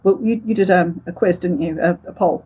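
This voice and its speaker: A woman's voice: on the low side, fairly quick, dark tone, husky. A middle-aged woman, co-hosting a podcast in chatty conversation and laughing often. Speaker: podcast co-host. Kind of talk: casual chat.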